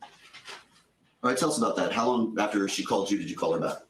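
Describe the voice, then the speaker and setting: Male lawyer questioning a witness, brisk and methodical, echoey courtroom audio. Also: on the low side, a bit bright, slight background noise. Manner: methodical, restating answers before asking. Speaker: attorney.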